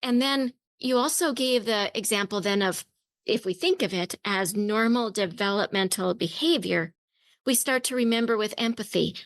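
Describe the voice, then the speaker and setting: A woman's voice: medium pitch, normal speed, no room sound. A woman hosting a parenting podcast interview, affirming her guest and summing up her points for listening parents. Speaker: podcast host.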